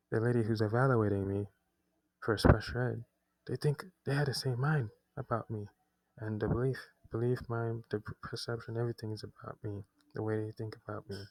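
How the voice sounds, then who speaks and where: A man's voice: on the low side, creaky, a little mellow, dry recording, poor audio. A young man telling a personal story, often restarting his sentences, agitated as he recounts what happened. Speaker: vlogger.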